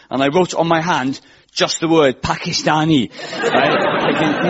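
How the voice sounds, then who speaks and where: A Welsh man in his twenties hosting a radio comedy show, telling rambling, self-deprecating stand-up with quick asides. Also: on the high side, fairly bright tone, slight background noise. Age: 20s. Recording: lo-fi radio studio with audience laughter. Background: studio audience laughing.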